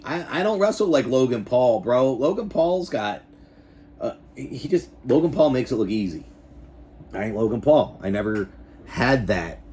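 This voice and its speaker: A man in his forties hosting his own backyard wrestling show, talking in a rambling, animated, profane way in a casual vlog. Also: medium pitch. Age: 40s.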